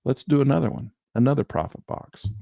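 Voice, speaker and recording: A man's voice: medium pitch, lively intonation, fairly quick, gravelly, dark tone, no room sound. A man teaching chart trading on a screen share, talking emphatically with rhetorical asides. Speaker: trading instructor.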